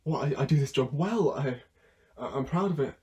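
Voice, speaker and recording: A man's voice: medium pitch, lively intonation, moderate pace, dark tone, close to an everyday voice. A man playing a stammering, desperate young courier. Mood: pleading. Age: young adult. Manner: stammering, pleading, bursts of anger. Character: desperate young male food courier on a phone call. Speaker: student actor. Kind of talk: theatre monologue performed online.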